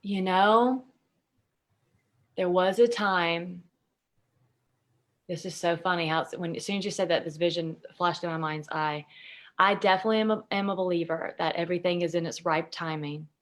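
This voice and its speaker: Brief: woman guest, lowish voice, candid storyteller, emotional, swears, filler-heavy. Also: normal speed, long pauses. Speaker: podcast guest, intuitive consultant.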